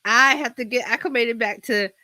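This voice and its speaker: A woman's voice: on the high side, moderate pace, bright, forceful tone, no echo. A woman hosting a casual livestream from her home office, chatty and rambling, with a slight cold in her throat. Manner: chatty, rambling, laughs often. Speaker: host. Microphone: laptop with external mic.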